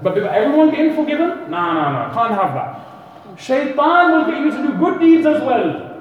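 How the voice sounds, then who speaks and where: A man's voice: very high-pitched, sing-song, normal speed, muffled recording. A man preaching a sermon, impassioned, rising and falling, and acting out voices in his stories. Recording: echoey hall, distant mic.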